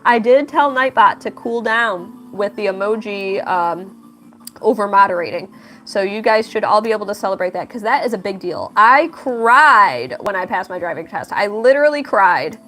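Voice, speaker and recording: A young woman hosting a casual livestream, reading chat aloud, laughing often and telling stories with lively quoted voices. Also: moderate pace, faint music behind. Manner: animated storytelling with big pitch jumps in quotes. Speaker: livestream host and artist.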